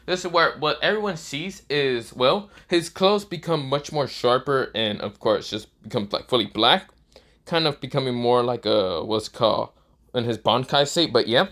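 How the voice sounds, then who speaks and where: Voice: mid-range voice, normal speed, a bit bright. A casual, rambling narrator who retells a fan-fiction story off the cuff. The delivery leans on fillers and restarts and often stops to correct itself.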